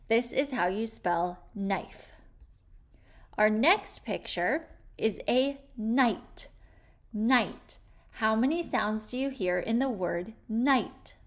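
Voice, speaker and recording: A woman leads a children's phonics lesson at an unhurried pace, sounding out each word clearly and patiently. Her voice sits a little high for a woman. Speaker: teacher.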